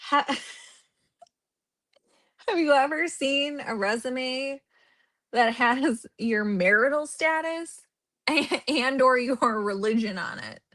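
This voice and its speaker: A woman's voice: high-pitched, slow, long pauses, fairly bright tone. A woman hosting a true crime livestream, chatting casually with sarcastic jokes.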